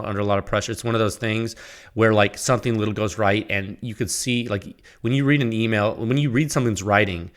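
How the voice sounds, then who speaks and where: A man's voice: lowish voice, fairly bright tone. A man hosting his own podcast, talking casually and rambling, laughing at himself as he reads his own sponsor plug. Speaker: podcast host. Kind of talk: casual solo podcast talk.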